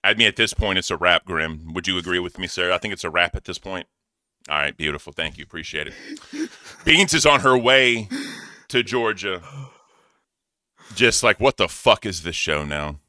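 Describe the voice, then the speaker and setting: Male stream co-host, very bright and crisp, profane and hyped, dry close sound. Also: low voice, expressive, moderate pace, long pauses, dry recording. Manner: loud, profane, hyped shout-outs. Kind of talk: casual livestream chat, reading donations.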